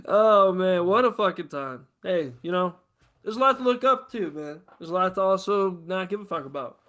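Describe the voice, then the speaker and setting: A man's voice: high-pitched, animated, moderate pace, a bit bright. A man hosting a podcast, joking around in loose, profane banter and laughing often. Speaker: host.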